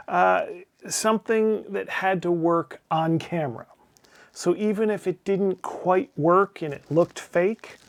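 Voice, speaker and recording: A middle-aged man reads his own scripted movie review as the host of his channel, slightly high in pitch. He is blunt and profane, tossing off wry asides as he goes. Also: gravelly. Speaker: channel host, game publisher. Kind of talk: scripted opinionated film review.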